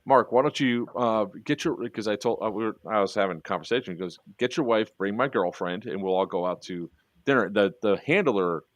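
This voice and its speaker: A man's voice: on the low side, expressive, a little fast, no room sound. A man hosting a casual online chat, telling rambling stories full of fillers and restarts. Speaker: podcast host.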